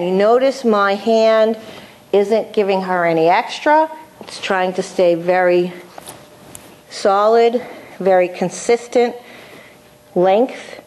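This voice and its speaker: A woman's voice: medium pitch, a little mellow, a little hiss or hum. A middle-aged woman dog trainer giving an instructional demonstration, explaining each step and checking in with her listeners.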